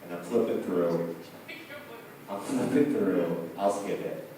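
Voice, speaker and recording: A man's voice: low-pitched, takes it slowly, warm tone. Man doing stand-up in an echoey bar. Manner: wry storytelling, acting out quoted people. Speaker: stand-up comedian. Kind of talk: open mic stand-up. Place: bar stage. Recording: echoey bar room, mic far off.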